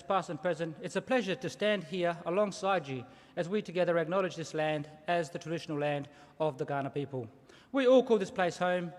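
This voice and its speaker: A middle-aged Australian man gives a ceremonial welcome in a quick, high voice. He tells stories and has the audience repeat words after him, and his voice rings out in a reverberant hall. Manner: lively, engaging, asks the audience to repeat words. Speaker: Aboriginal elder giving a welcome to country. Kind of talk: ceremonial welcome speech with storytelling.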